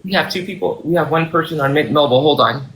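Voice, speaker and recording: A man hosts a livestream on his phone as a self-styled CEO, leading a job interview in a mock-formal, unhurried manner. His voice sits a little high with a bright edge. The room rings with echo and faint clicks. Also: slight background noise. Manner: mock-formal, unhurried, slips into thanking viewers. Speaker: livestream host. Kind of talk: role-play job interview as a boss and CEO.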